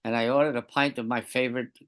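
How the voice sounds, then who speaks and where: A man in an online study group, earnestly sharing a practice in a calm, repetitive way. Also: mid-range voice, fast. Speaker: group participant.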